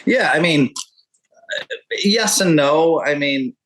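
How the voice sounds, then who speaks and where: A man's voice: a little high, animated, slow pace, fairly bright tone, poor audio. A man in his fifties, a poker pro talking as a podcast guest, rambling and candid with frequent profanity. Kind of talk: casual interview talk.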